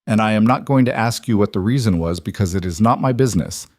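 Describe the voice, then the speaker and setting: A man's voice: lowish voice, fast, darkish tone, no room sound, lightly acted. A man voicing a blunt, commanding older grandmother who insists on her points and repeats them. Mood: forceful.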